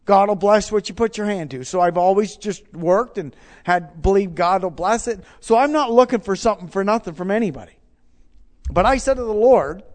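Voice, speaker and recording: A man's voice: sits high, normal speed, a little mellow. A middle-aged man preaching, telling a personal story with emphatic, repeated phrases. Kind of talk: sermon testimony.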